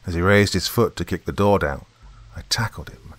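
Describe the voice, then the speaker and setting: A man's voice: deep voice, moderate pace, dry recording. A man narrating a horror story in the first person, in a tense, dramatic way.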